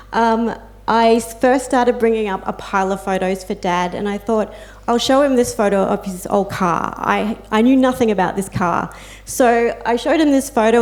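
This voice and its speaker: Speaking to an audience on a panel, this Australian woman is a carer and peer support volunteer sharing personal stories with real feeling. Her mid-range, somewhat dark voice is sprinkled with filler words and quoted asides.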